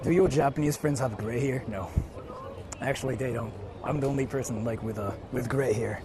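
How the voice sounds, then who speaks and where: On a city street, a young man live-streams outdoors through a portable streaming mic, reading chat aloud and rambling with lots of "like." His voice is medium-pitched and a little fast, over a noisy background.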